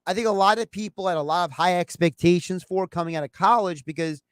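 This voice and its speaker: High-voiced man talking sports, dry sound. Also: fast, clean tone, no room sound. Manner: animated, acts out imagined phone calls. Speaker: sports show host. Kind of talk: casual sports talk.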